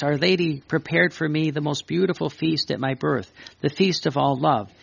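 Gravelly preacher reading aloud. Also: male voice, on the high side, fairly bright tone, dry recording. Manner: pauses to add earnest asides between readings. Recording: dry, dull lo-fi recording.

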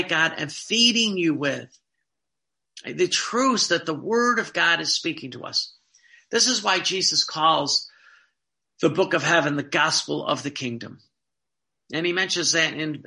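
A man preaching a sermon earnestly, often repeating words and slowing down to read quoted passages. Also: on the high side, gravelly, bright, forceful tone.

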